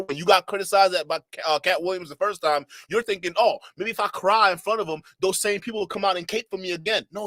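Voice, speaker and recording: A man hosting a reaction commentary channel, animated and mocking as he talks to his chat, laughing often. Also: sits high, no room sound.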